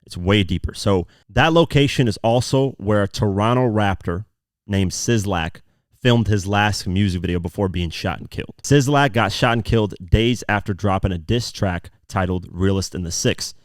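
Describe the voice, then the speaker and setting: A podcast host with a very low voice walks through song lyrics bar by bar, stopping often for fillers as he explains. The sound is dry and close, with little room around it. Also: moderate pace, no room sound. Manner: breaks down lyrics line by line, frequent fillers. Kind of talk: casual podcast commentary.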